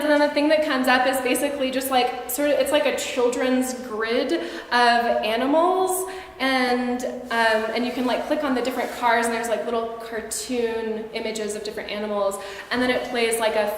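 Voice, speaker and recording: High-voiced, hesitant woman in an echoey hall. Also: steady tone, normal speed, slight background noise. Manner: hesitant, many fillers and restarts, self-conscious. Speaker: musician performing live. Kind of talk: casual stage banter. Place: live concert venue with audience. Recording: echoey hall, room mic, from a distance.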